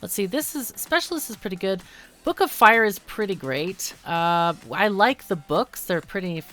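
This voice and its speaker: A woman's voice: medium pitch, animated, moderate pace, a bit bright, soft background music. A woman hosting a casual let's-play, chatting through the game with lots of ums and self-corrections. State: hiccuping. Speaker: gaming channel host.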